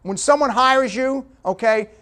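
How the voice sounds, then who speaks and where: Giving a motivational speech as a guest at a business breakfast, this middle-aged man is direct and punchy, constantly asking the audience "okay?" His voice is extremely high-pitched, bright and forceful, and he speaks a little slowly.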